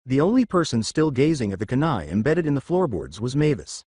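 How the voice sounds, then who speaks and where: A man narrating a fan fiction story with steady storytelling. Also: medium pitch, brisk, breathy edge, no room sound.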